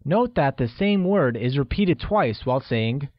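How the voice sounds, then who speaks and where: Slow, upbeat male language-lesson narrator. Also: on the high side, sing-song, no echo. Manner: slow, deliberate, upbeat praise. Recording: dry, dull lo-fi studio audio.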